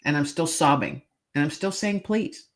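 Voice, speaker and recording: A woman's voice: sits low, animated, normal speed. A middle-aged woman, a podcast guest, telling a personal story earnestly and emotionally, with hesitant restarts.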